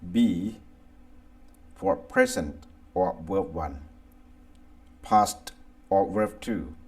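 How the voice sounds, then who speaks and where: A man with a Thai accent reading an English grammar lesson, going deliberately through lists of verbs one by one. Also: sits low, darkish tone. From Thailand. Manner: slow, deliberate, reads word lists aloud one by one. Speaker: English teacher. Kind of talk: slow scripted grammar lesson.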